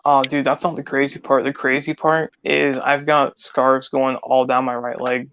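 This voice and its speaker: A man's voice: mid-range voice, level tone, normal speed, a bit bright. A man co-hosting a casual podcast, talking in a laid-back, easygoing way. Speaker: podcast co-host. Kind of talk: casual chat. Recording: dull lo-fi mic with faint hiss.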